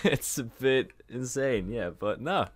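A man's voice: medium pitch, animated, takes it slowly, no echo, studio quality. A man co-hosting a podcast in casual, joking chat, laughing often and swearing freely. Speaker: podcast co-host.

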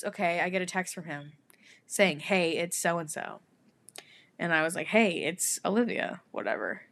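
During casual podcast chat, a young female co-host tells a story with lots of energy, swearing freely and laughing often. Her voice is mid-range.

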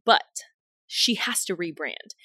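A woman lawyer, a podcast guest, telling a client story in an animated, conversational way and acting out quotes. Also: takes it slowly, husky, no room sound, studio quality. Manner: animated, acts out quotes with big pitch jumps. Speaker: business attorney, podcast guest.

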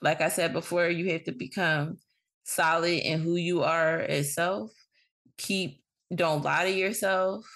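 A woman's voice: on the low side, fairly even intonation, a little slow, fairly bright tone. Blunt, swearing woman podcast host. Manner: blunt, frank, swears freely. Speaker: podcast host giving advice. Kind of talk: casual advice monologue.

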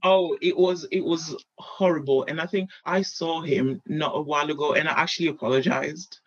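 A woman's voice: low voice, normal speed, breathy edge, no echo. A young adult woman from Europe, a podcast guest, candidly telling dating stories and animatedly acting out old conversations. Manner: animated, acts out past conversations, laughs often. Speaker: anonymous guest. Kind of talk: candid personal storytelling. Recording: dull lo-fi sound.

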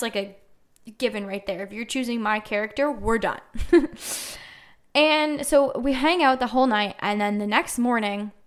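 A young woman hosts a casual podcast and tells a personal story as a loose, chatty monologue. Her voice sits a little high, and she fills her talk with "like" and dry, joking asides. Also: fairly bright tone. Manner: chatty, lots of "like", wry jokes. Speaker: podcast host.

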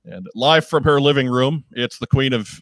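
A man's voice: mid-range voice, moderate pace, fairly bright tone, no echo. A man hosting a casual live video chat show, joking and often restarting his sentences. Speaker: host.

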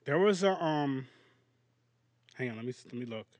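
A man hosting a podcast, chatting casually about a movie in a rambling, animated way and laughing often. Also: medium pitch, normal speed, no room sound. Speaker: podcast host. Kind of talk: casual movie review chat.

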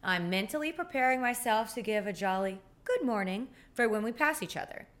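Sassy woman, lively bright voice. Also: a little high, brisk. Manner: animated, sassy and self-deprecating. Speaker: podcast host. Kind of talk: casual comedic storytelling monologue.

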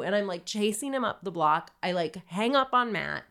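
A woman in her thirties co-hosting a podcast, telling a personal story in candid casual chat and acting out her own shouting. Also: medium pitch, brisk, few pauses. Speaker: podcast co-host.

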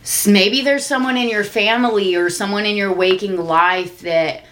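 Woman, podcast co-host, casual chat, halting, thoughtful, lots of fillers. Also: medium pitch, a bit bright. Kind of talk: casual chat interpreting dreams.

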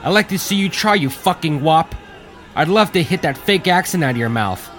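A man voicing a hot-tempered young airman who yells insults. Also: fairly high pitch, expressive, normal speed, a faint crowd, voice pushed up. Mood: angry. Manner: yelling, insulting.

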